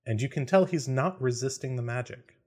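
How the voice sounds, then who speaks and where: A man narrating as game master of a tabletop game, laughing often and filling pauses with "uh" and "um". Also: medium pitch, a little mellow, husky. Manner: laughs often, many fillers.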